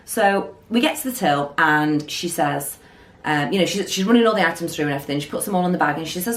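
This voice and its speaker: Lively woman telling a story. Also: lowish voice, fast. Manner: animated storytelling, acting out quotes. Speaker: beauty vlogger. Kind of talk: storytime vlog. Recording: roomy echo.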